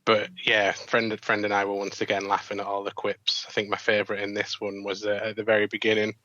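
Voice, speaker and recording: A man's voice: fairly low pitch, completely flat delivery, a little fast, bright, forceful tone, dry recording, muffled recording. A man co-hosting a casual gaming podcast, chatting easily and rambling about films he has watched. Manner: easygoing, rambling. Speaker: podcast co-host.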